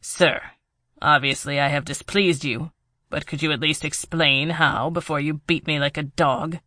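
Tight-voiced defensive henchman, formal "sir" type, read by a narrator, crisp. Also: medium pitch, steady tone, a little slow, bright, forceful tone, no room sound, studio quality. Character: tense defensive male henchman.

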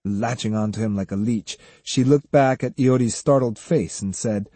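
A man narrating an audiobook in a measured storytelling manner. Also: medium pitch, mellow, breathy edge, dry recording. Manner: measured storytelling, many voices. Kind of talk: scripted narration.

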